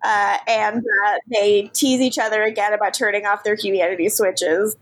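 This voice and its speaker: A woman's voice: medium pitch, fairly even intonation, normal speed, low-quality recording. A woman co-hosting a podcast, recapping a TV episode in casual, giggly chat. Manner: giggly, chatty, recaps scenes with acted quotes. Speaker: podcast co-host.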